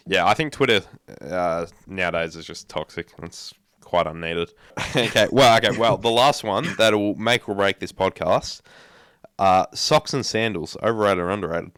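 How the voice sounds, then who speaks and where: Low-voiced, dry-sounding male podcast host. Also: fairly bright tone, smooth, no echo. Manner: rambling, repeats words, quick opinions. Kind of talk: casual podcast chat.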